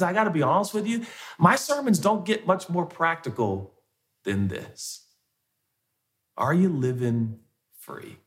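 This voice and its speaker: A man's voice: on the low side, fairly bright tone. A male pastor preaching a conversational sermon, firing off repeated rhetorical questions.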